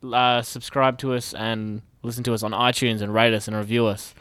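A man's voice: medium pitch, level tone, moderate pace, fairly bright tone, clean tone, dry recording. A man hosting a casual podcast, upbeat and running the segments. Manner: upbeat, runs the segments, laughs easily. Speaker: podcast host. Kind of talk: casual chat.

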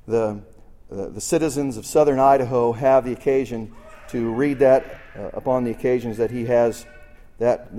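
Man, church host, dark mellow voice, earnest, emphatic, long hall reverb. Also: medium pitch. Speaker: host introducing a pastor. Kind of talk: live church introduction.

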